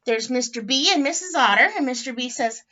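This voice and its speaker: A woman teacher reading a picture book aloud to children, animated and chatty, with friendly asides. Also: high-pitched, fairly quick. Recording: dull lo-fi recording.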